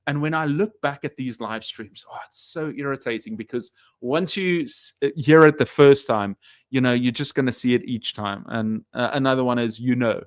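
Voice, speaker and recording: Man, mid pitch, casual chat, halting with fillers and restarts, dry close mic. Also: no echo. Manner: rambling, many fillers and restarts, reads viewer comments aloud. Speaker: English teacher streaming live. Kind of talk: casual live-stream chat.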